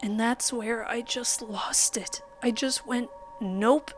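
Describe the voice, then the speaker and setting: A woman reading a true horror story as a measured, dramatic narrator who sometimes drops to a whisper. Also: on the high side, little pitch movement. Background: faint background music.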